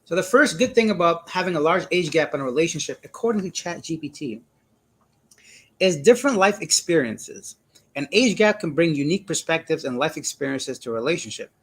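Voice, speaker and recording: A man's voice: on the high side, expressive, fairly quick, slightly rough. A man hosting a casual live stream, chatty and laughing often as he greets viewers and reads their comments aloud. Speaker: livestream host reading chat. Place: indoors, living in Cebu.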